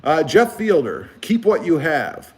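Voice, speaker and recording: A man from South Texas hosting a casual car livestream on a phone, reading viewer comments in a relaxed, rambling way. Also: on the high side, measured pace. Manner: relaxed, rambling with many fillers. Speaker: car channel host. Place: live stream over phone.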